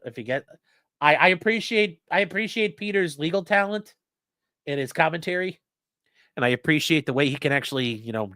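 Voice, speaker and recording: Animated, profane lawyer streaming commentary. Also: male voice, medium pitch, no echo, studio quality. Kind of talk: live-stream commentary reacting and reading chat.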